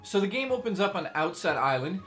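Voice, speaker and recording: Excitable man reviewing a video game. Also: sits high, a little fast, faint music behind. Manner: excitable, joking, exaggerated asides.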